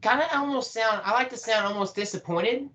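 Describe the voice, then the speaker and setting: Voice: medium pitch, a little fast, bright, forceful tone. Rambling teen presenter coaching delivery. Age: teens. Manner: rambling, many fillers, demonstrates voice changes. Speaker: youth workshop presenter. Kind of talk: casual coaching talk.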